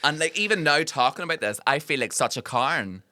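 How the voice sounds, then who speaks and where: Bright, punchy man. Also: a little high, a little fast, no echo, studio quality. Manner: animated storyteller, swears freely, frequent fillers. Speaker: podcast co-host. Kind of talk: casual chat.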